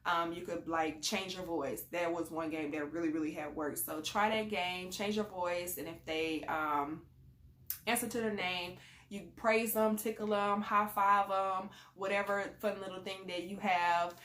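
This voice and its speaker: A woman with a lower voice chats casually in a vlog. She rambles through her advice in a conversational way. Her voice bounces around an echoey room. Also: fairly even intonation, measured pace, a bit bright. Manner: chatty and conversational, rambling with fillers. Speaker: parent sharing advice on a channel.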